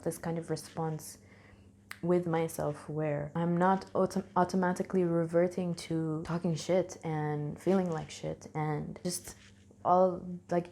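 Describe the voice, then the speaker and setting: A woman's voice: lowish voice, mellow. A young adult woman talking casually to camera in a vlog, candid and rambling, correcting herself and laughing often. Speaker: vlogger. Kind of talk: casual reflective talk to camera.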